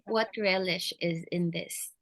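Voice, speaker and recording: A middle-aged woman, a mother, quietly prompting her children as they read through a play at home. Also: fairly low pitch, fairly even intonation, takes it slowly, no room sound.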